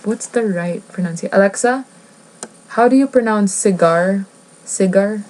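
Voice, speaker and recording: Reading a book aloud, this female vlogger keeps drifting into casual chatter, giggling and interrupting herself as she rambles. Her voice sits in the mid-range, a little mellow, at a moderate pace, captured on a rough recording.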